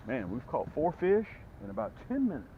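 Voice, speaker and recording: A man hosting a casual fishing vlog from a boat. He talks in a folksy way and whoops with excitement when fish bite. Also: sits high, brisk, gravelly. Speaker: fishing channel host. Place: outdoors on a boat. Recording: phone-like lo-fi audio with faint noise.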